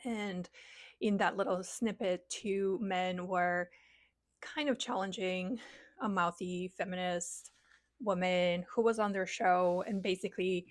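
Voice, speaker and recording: A woman's voice: lowish voice, fairly even intonation, unhurried, no room sound. A woman enthusiastically recommending books in a casual, rambling vlog, gushing about what she loves. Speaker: book reviewer.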